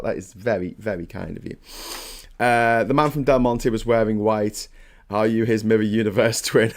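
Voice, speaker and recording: A man's voice: mid-range voice, sharp tone. A man hosting a casual morning live stream, chatting, swearing freely and thanking viewers for their donations.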